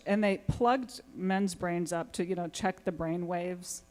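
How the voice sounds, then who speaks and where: A woman's voice: lowish voice, unhurried, few pauses. Woman giving a conference talk, bouncy voice, keeps asking the crowd stuff. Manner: animated, asks the audience many questions. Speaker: conference speaker, family therapist. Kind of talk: lively conference talk to an audience. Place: conference hall.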